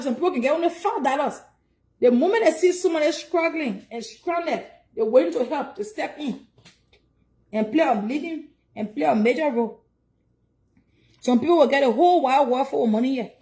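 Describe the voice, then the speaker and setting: Liberian woman streamer, high voice, chatty, preaches about giving. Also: a little mellow. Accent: Liberian English. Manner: chatty and preachy, urging donations. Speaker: livestream host. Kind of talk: casual livestream chat.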